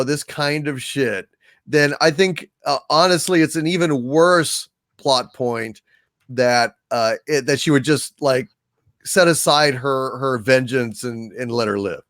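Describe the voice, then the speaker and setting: A man's voice: medium pitch, fairly bright tone, dry recording, studio quality. A man co-hosting a casual live-stream chat, sarcastic and mocking as he talks. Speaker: co-host.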